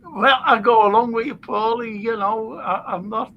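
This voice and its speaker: A man's voice: extremely high pitch, muffled recording. A man hosting a casual chat show, reading out listener messages and telling jokey stories with frequent laughs. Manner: jokey, laughs often, slow storytelling. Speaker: host and historian.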